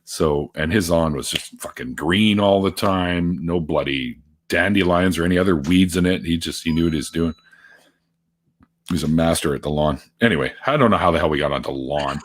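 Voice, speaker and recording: A man's voice: sits low, a little fast. A middle-aged Canadian man hosting a casual chat, swearing often and laughing while he tells stories. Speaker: podcast host.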